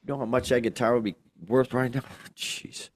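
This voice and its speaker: A man's voice: medium pitch, steady tone, moderate pace, dry recording. An older man co-hosting a casual podcast, rambling and joking with lots of fillers and exclamations. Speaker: podcast co-host. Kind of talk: casual chat.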